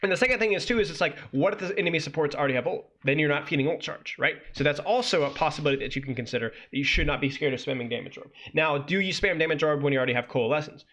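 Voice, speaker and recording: Bright-voiced exasperated male coach. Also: on the high side, rapid-fire, few pauses. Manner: exasperated, ranting critique with sudden incredulous outbursts. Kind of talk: reviewing a guide on stream.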